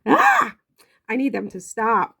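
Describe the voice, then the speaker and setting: A woman's voice: on the low side, a little slow, creaky. A woman giving casual, emotional vlog commentary on royal news, chatty and prone to swearing.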